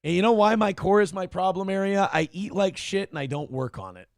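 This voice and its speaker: A man's voice: sits high, lively intonation, a little fast, a little mellow, no echo, studio quality. A man hosting a morning show, riffing on the news in an irreverent, profane way. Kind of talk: comedic news talk.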